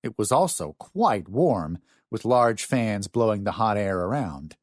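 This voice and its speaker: A man narrating a novel in an expressive storytelling manner, close to a studio mic. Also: lowish voice, measured pace, dry recording. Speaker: audiobook narrator. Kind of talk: scripted narration.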